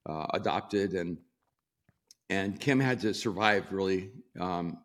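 A man in his sixties from El Salvador, a pastor telling stories in an interview, laughing often and pausing with ums. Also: sits low. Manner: warm storyteller, laughs often, many ums and restarts. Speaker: pastor and author. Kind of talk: storytelling in a sit-down interview.

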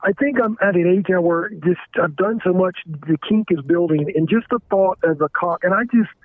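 A man calling in to a show, talking candidly and haltingly, often stammering and restarting his sentences. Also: sits high, dry recording. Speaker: caller. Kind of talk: candid confessional phone call. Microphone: telephone. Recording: tinny dry phone line.

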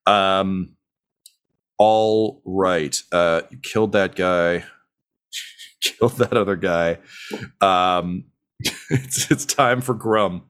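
Young male game master, lowish voice, halting narration full of fillers. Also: a bit bright, clean tone. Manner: halting, many ums and uhs.

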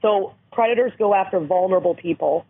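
Woman, hoarse, from Canada, emphatic, explanatory, tinny phone line. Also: mid-range voice, fairly quick. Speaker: guest, abuse-prevention educator. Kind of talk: interview over the phone.

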